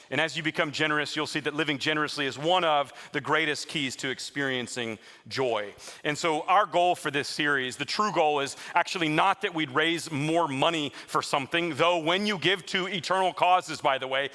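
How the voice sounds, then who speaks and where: A man preaching a sermon as a pastor to his live congregation in a church, telling stories in a lively way and teasing the listeners with jokes. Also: medium pitch. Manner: lively, joking storyteller who teases the congregation.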